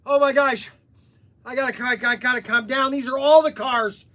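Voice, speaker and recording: A man hosting a live unboxing stream, excitable and constantly exclaiming in surprise. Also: very high-pitched, brisk. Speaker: livestream host unboxing toy car samples. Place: indoor workplace.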